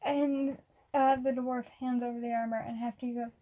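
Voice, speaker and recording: A woman with a high voice narrates as game master of a homemade tabletop game. She talks casually and haltingly, filling pauses with ums and uhs. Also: flat delivery, lo-fi sound.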